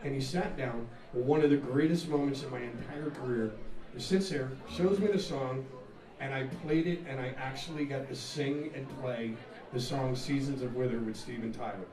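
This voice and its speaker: A man, a rock singer, telling a profane, animated story between songs at a live music venue, laughing and acting out the scene. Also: mid-range voice, normal speed. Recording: echoey live room, mic far off, loud crowd.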